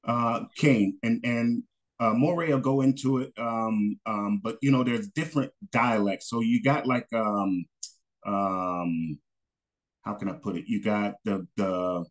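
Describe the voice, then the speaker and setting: A man from North Carolina answering a question in an online class, halting with many fillers and restarts. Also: lowish voice, a little mellow. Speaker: assistant teacher.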